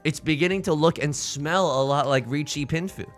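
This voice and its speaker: A man hosting a let's play, giving excitable, jokey commentary full of exclamations as he plays. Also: a little high, moderate pace, soft background music. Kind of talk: live gameplay commentary.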